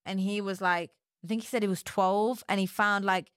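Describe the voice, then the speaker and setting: A young woman guesting on a podcast, chatty and rambling, quick to laugh as she talks. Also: mid-range voice, steady tone, fairly bright tone, no room sound, clean studio sound. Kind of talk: casual podcast chat.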